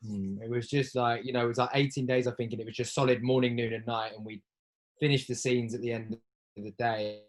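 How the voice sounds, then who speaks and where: A young actor speaks in a relaxed, easygoing way during an interview. He pauses often and hunts for words. His pitch is medium for a man. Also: poor audio. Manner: easygoing, hesitant, many fillers and restarts. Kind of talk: casual interview chat.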